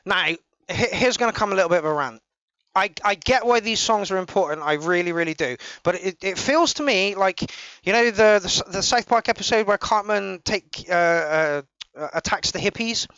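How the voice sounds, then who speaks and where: A man hosting a live song review, ranting and swearing with many halting restarts. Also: high-pitched, animated, pushed and bright, clean tone, no echo. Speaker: podcast host reviewing songs. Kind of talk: casual live review chat. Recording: dull lo-fi dry mic.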